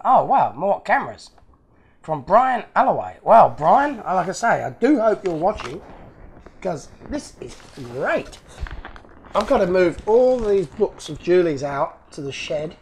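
A man's voice: a little high, slight background noise. A man hosting his own channel, chatting casually and with delight as he unboxes fan mail, chuckling often.

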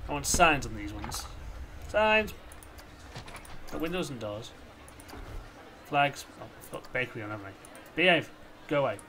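A young man casually commenting on his own gameplay, rambling and chatty, with sudden silly shouts. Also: medium pitch, expressive, moderate pace, long pauses, a little hiss or hum. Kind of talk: casual let's-play commentary.

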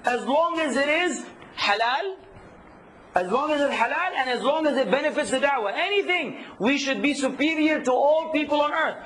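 A man teaching a workshop, lively, quizzing his audience and acting out hecklers. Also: very high-pitched, moderate pace, rough recording. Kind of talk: workshop lecture.

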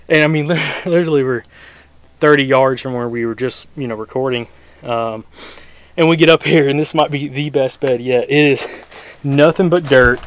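A man hosting a hunting channel, talking excitedly and rambling through a field scouting walkthrough outdoors on a wooded bluff. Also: medium pitch. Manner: excited, rambling, repeats words.

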